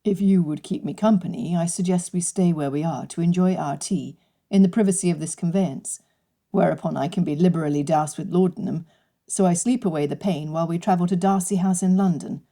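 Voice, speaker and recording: A woman voicing a reserved, injured young gentleman in an audiobook, speaking in a formal, earnest way with her voice pitched a little lower. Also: brisk, lightly acted. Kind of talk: audiobook character reading.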